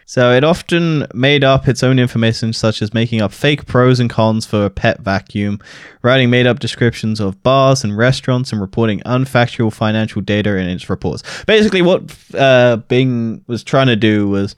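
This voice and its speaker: A British man co-hosting a podcast in casual chat, teasing and laughing often in quick bursts. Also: mid-range voice, smooth, no echo, studio quality. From Britain. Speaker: podcast co-host.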